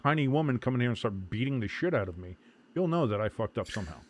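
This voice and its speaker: A man hosting a live sports watch-along stream, chatting casually and calling plays, loud when the action picks up and muttering asides in between, with some swearing. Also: mid-range voice, fast. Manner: excitable, swings from loud play calls to muttered asides, swears. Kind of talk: casual live game commentary.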